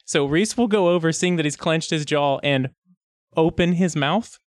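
A person playing a tabletop game, joking and animated while speaking in character. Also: mid-range voice, normal speed, no room sound, clean studio sound. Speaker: player. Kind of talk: casual tabletop play.

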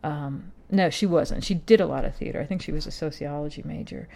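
A woman's voice: deep voice, a little fast, creaky, dark tone. A woman in her fifties hosting a podcast, talking in a casual, meandering way full of fillers and restarts. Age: 50s. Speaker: podcast host. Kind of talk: casual rambling monologue.

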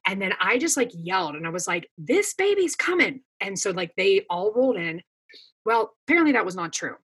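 A woman's voice: medium pitch, lively intonation, brisk, fairly bright tone, slightly rough. A woman in her thirties, a podcast guest, telling a long story in casual chat with plenty of fillers. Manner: chatty storytelling with many fillers.

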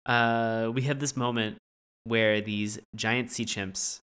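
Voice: medium pitch, steady tone, slow pace, a bit bright, clear, resonant tone. A podcast co-host casually recapping a cartoon episode, hesitant, with fillers and restarts.

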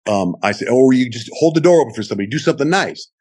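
A man's voice: very fast, breathy edge. A middle-aged man, a radio host, telling a long story in an interview and acting out the quotes with big jumps in his voice. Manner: lively, acts out quotes with big pitch jumps.

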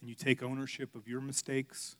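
A male pastor preaching a sermon, telling a candid personal story, swinging from loud outbursts to hushed, quiet passages. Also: medium pitch, level tone, brisk.

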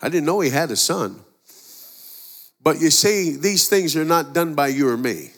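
A man preaches a sermon in a relaxed storytelling manner, slipping into the voices of the people he talks about. His voice sits a little high for a man. The sound rings with the long reverb of a large church hall. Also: moderate pace. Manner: folksy, conversational preaching with quoted dialogue.

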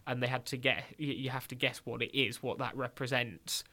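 A young man with a Northern English accent hosting a radio show, chatting excitedly and restarting his sentences often. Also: medium pitch, a little fast. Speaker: radio host. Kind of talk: casual radio chat.

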